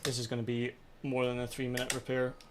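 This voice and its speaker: A man's voice: medium pitch, monotone, fast talker, background noise. A man streaming a racing sim live, ranting in frustration at his own races as he plays. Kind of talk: live gameplay commentary.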